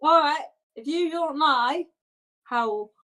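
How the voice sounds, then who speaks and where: A woman's voice: high-pitched, slow, bright, forceful tone, pitched above the performer's own voice, full character voice. A woman voicing a bossy, suspicious boy who pushes and accuses in a tabletop game. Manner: pushy, accusing.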